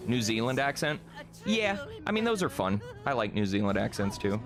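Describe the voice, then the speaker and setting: A man's voice: mid-range voice, sing-song, moderate pace. A young man chatting casually on a live stream, reading chat, rambling, laughing often and swearing freely.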